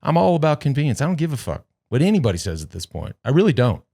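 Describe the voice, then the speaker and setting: A man's voice: medium pitch, sing-song, quick pace, creaky, warm tone. A man hosting a podcast in casual chat, rambling and joking with plenty of swearing, into a headset mic. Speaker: podcast host.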